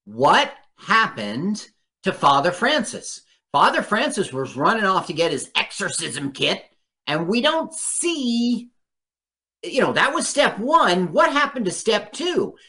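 A radio host chatting casually about a movie, animated and profane. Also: mid-range voice. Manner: animated, profane, quick to laugh. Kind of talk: casual movie commentary chat.

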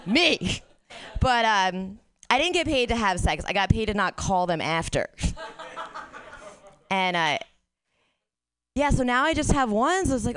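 A woman's voice: a little high, expressive, moderate pace, fairly bright tone, clear, resonant tone. Crude, candid stand-up comic woman. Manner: candid, crude, laughs at own jokes. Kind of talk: stand-up comedy set.

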